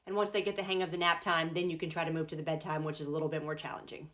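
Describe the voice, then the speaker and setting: A woman's voice: low-pitched, level tone, rapid-fire, fairly bright tone. A young adult woman, a mother, giving practical parenting tips to camera in a casual, direct way. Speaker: parenting content creator.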